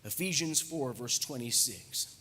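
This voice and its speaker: A man preaching a sermon on marriage, lively and conversational, with frequent jokes and asides. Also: mid-range voice, unhurried. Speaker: pastor. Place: church hall. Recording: echoey church hall reverb.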